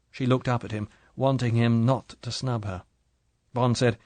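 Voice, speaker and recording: Male audiobook narrator, measured delivery, dry booth sound. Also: mid-range voice, steady tone, a little mellow, no room sound. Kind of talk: scripted narration.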